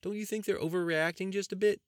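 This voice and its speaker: A man voicing a rowdy young country cousin with a loud, whiny, cackling manner. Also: high-pitched, steady tone, fast, no echo, clean studio sound, voice pushed up, close to an everyday voice. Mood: argumentative.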